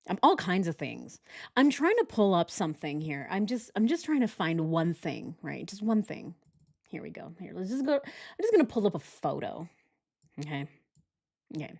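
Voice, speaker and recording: Woman host, low-pitched, vents in reaction commentary, talks straight to her audience. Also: big pitch swings, normal speed, gravelly, a little mellow. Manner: exasperated, swearing, sighing a lot; asks her viewers directly. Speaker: true crime channel host.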